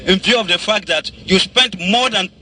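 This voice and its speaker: A man's voice: high-pitched, moderate pace. A man questioning a contractor in a formal, accusing way at an outdoor inspection. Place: outdoors beside a road. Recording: outdoor recording with crowd noise.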